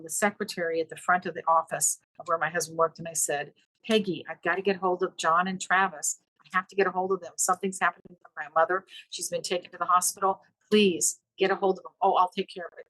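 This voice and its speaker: A woman's voice: fast talker, dry recording, rough recording. A middle-aged woman telling a personal story in a podcast interview, acting out the dialogue with sudden jumps in her voice. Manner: animated, acts out quoted dialogue with pitch leaps. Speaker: podcast guest. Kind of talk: emotional storytelling in conversation.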